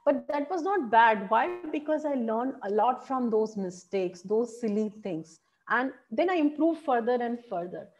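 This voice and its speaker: A woman teaching public speaking in an online workshop, animated and encouraging, asking her audience questions. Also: fairly high pitch, unhurried, few pauses, highs cut off.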